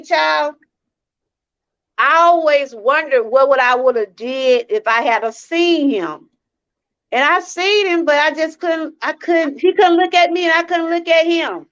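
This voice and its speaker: Woman with a high voice doing a livestream testimony, earnest, keeps repeating herself to viewers, dull lo-fi sound. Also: a bit bright. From Georgia, US. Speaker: channel host. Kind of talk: live-stream testimony talk.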